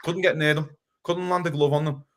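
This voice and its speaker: A man ranting heatedly about football on a casual podcast, swearing and talking fast. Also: a little high, fairly even intonation. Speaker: podcast co-host.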